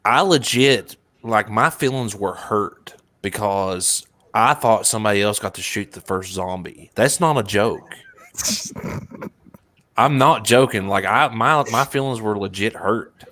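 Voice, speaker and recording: Excitable low-voiced man telling stories. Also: takes it slowly. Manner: excitable storytelling, swearing. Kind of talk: casual group chat.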